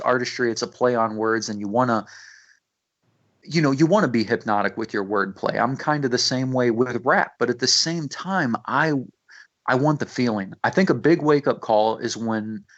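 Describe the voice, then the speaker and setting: Heard through muffled lo-fi radio audio, a rapper with a slightly bright, mid-range voice talks intensely during a relaxed studio interview. He swears liberally and often starts his sentences over.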